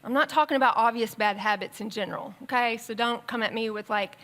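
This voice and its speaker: A woman preaching a sermon in a conversational, animated way, with quick bursts and asides. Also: on the high side. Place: church sanctuary.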